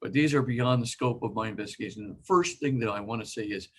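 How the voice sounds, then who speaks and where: An older man giving an informal lecture, halting with many fillers and sometimes acting out quoted voices. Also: mid-range voice, fairly bright tone, slight background noise.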